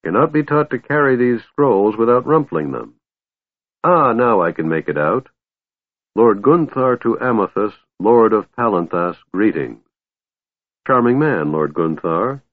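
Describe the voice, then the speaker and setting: A man's voice: medium pitch, lively intonation, unhurried, no echo. A man reading the part of a pompous, gloomy city lord who talks dismissively and indulgently. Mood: chatty, indulgent. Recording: narrow phone-like audio, dry.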